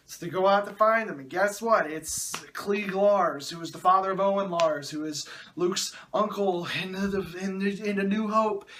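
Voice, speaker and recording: A man gives a movie review with plenty of sarcasm and exasperated groans. His voice sits high for a man, and he keeps slipping into mocking asides. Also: moderate pace, a bit bright, slight background noise.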